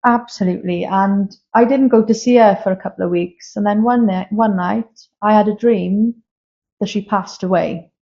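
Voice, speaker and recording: The recording, made live in a castle room, has a slightly dull lo-fi sound. On it, a guest medium in her thirties tells candid, emotional personal stories in a casual interview, her mid-range voice mellow and steady at a moderate pace.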